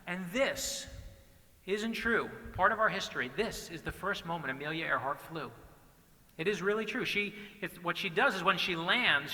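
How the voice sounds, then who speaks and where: Bright-voiced man speaking in a big hall. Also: sits high. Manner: earnest, passionate storyteller. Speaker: author giving a keynote speech. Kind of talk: inspirational speech with storytelling. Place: large banquet hall. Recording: reverberant hall.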